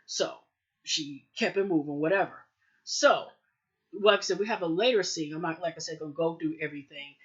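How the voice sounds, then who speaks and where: A woman hosting a casual TV episode review, rambling through the plot with lots of "you know" and "like.". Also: fairly quick. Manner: chatty, rambling, heavy with fillers like "you know" and "like"; jumps into higher, louder voices when quoting characters. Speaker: TV show reviewer, host. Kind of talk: casual spoken episode recap. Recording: dull lo-fi audio.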